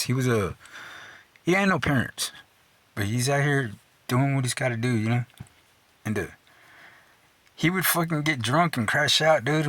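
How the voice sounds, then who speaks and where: A man's voice: mid-range voice, fairly bright tone, no echo. A middle-aged man telling stories in a loose, profane way, full of "dude" and "you know", chuckling along. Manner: chuckles through his own stories. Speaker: storyteller host. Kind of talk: casual storytelling.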